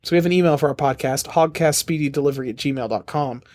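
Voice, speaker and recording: A young man co-hosting a podcast, trading deadpan, crude jokes in casual banter. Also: a little high, fast talker. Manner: deadpan, crude jokey riffing. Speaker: podcast co-host.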